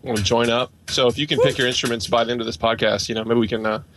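A man's voice: rapid-fire, a little hiss or hum. A man, a guitarist guesting on a podcast by video call, casually joking with listeners. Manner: relaxed, joking pitch to listeners.

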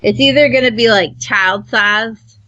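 A woman's voice: fairly high pitch, unhurried, pushed and bright, dry recording, highs cut off. A woman with a Southern accent, co-hosting a gaming podcast, self-mocking and laughing often. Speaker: podcast co-host. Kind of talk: casual podcast chat.

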